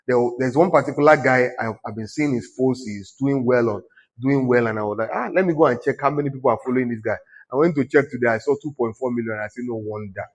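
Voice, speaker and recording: A man with a Nigerian accent preaching a sermon as a pastor, exhorting and teasing his congregation in a conversational way. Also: medium pitch.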